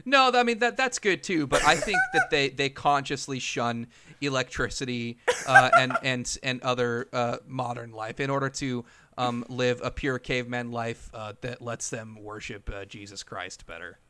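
A man co-hosting a podcast, talking in a casual comedic way with halting restarts and frequent laughs. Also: medium pitch, background noise. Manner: rambling, laughs mid-sentence, halting restarts. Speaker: podcast co-host.

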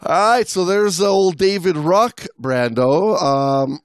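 A man's voice: high voice, clear, resonant tone, no echo, clean studio sound. A man co-hosting a podcast interview, talking casually with a teasing, joking manner and stretched-out words. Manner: jokey, teasing, drawn-out words. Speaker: podcast co-host. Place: live event booth at a film festival.

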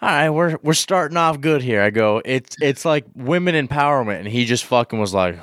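A man's voice: mid-range voice, lively intonation, a little fast, a bit bright, dry recording, studio quality. Young man rambling on a podcast. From Minnesota. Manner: rambling, profane, restarts a lot. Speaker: podcast guest. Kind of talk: casual chat.

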